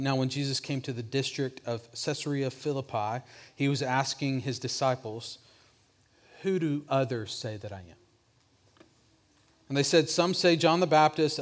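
A man preaching a sermon in a mid-pitched voice. He works through his points with restarts and fillers. He drops low and soft each time he voices the central question. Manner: preaching with restarts, drops softer when voicing Jesus' question. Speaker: pastor.

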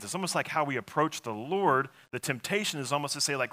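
A man's voice: on the high side, animated, fast talker, few pauses, bright, forceful tone. A man preaching a sermon in an earnest, conversational way, with frequent fillers and restarts. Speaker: pastor.

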